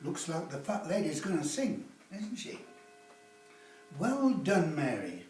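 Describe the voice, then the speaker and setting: A man's voice: on the high side, wildly swooping pitch, takes it slowly, darkish tone, soft background music. A man teaching a sales class, lecturing with teasing rhetorical tag questions. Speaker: sales instructor. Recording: roomy, from a distance.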